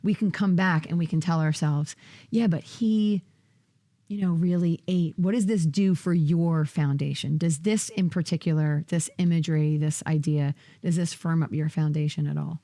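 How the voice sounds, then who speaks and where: Woman, study group leader, lowish voice, casual questioning, frequent laughs. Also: steady tone, moderate pace, hardly any pauses, warm tone. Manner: questioning, prompting, laughs often.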